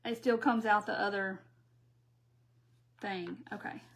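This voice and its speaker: A woman's voice: mid-range voice, fairly even intonation, takes it slowly, gravelly, fairly bright tone. A middle-aged woman from Mississippi with a Southern accent, chatting casually through a crafting live stream and reading viewer comments aloud.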